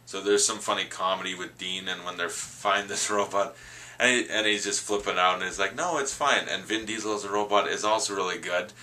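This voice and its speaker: A man's voice: deep voice, level tone, fairly quick, pushed and bright. A man reviewing his favorite movie in a casual vlog, gushing and rambling with enthusiasm.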